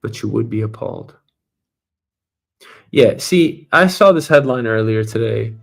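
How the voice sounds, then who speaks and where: A man hosting a casual news commentary show, talking bluntly and profanely with animated asides. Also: lowish voice, unhurried, gravelly. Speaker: show host.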